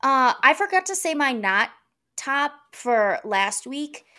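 A woman's voice: sits high, sing-song, slow pace, sharp tone, clear, resonant tone. A woman co-hosting a podcast in casual chat, blunt and opinionated and often laughing. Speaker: podcast co-host.

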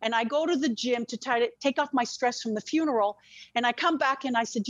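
A woman's voice: high-pitched, brisk, no room sound, muffled recording. A woman telling an emotional personal story as a podcast guest. She speaks intensely and frankly, swears freely, and often restarts her words.

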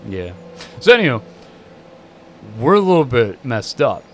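A man's voice: mid-range voice, measured pace, slight background noise. A young man co-hosting a podcast, telling crude, profane stories in casual chat. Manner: crude, profane, animated storyteller. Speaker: podcast co-host.

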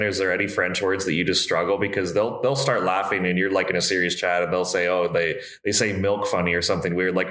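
A man's voice: low voice, bright, forceful tone. A man hosting a casual interview, asking long, rambling questions with restarts. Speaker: interviewer, host. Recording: echoey room.

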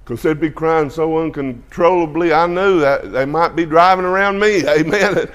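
Preacher guy telling his testimony, kinda high voice, throws in amen every other line. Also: normal speed, a bit bright. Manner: folksy, peppers speech with "amen" and "hallelujah". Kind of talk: sermon testimony to a congregation.

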